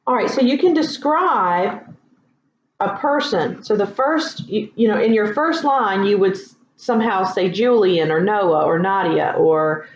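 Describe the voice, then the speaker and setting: Slow, chatty woman teaching writing. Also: mid-range voice, a little hiss or hum. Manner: chatty and relaxed, full of ums and asides. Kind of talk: casual classroom instruction. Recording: echoey room, dull lo-fi sound.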